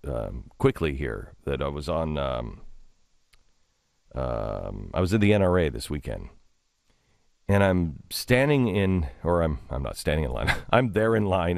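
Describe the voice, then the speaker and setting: A middle-aged man hosting a radio talk show, telling a story in a rambling, halting way with many restarts. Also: darkish tone, no room sound, clean studio sound. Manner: rambling, halting with many restarts, drops low for quoted asides. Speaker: radio host. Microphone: studio microphone.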